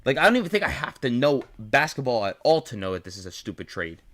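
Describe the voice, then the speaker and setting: A man's voice: medium pitch, big pitch swings, fast, fairly bright tone. A young man with a New York accent ranting as host, incredulous and profane, repeating himself as he builds up. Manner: incredulous, swearing, repetitive rant.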